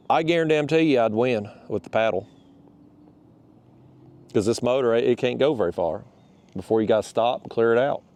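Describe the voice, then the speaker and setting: Out on a kayak fishing, this vlogger speaks in a gravelly, mid-range voice with a darkish tone. His casual talk wanders, with restarts and folksy turns of phrase, and he's slightly winded.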